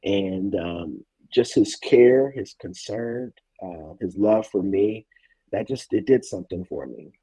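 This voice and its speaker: A man in his thirties, a former college football player, recounting a game in a reflective, halting way with many fillers. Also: fairly low pitch, animated, dark tone, breathy edge, no room sound, rough recording. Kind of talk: casual interview storytelling.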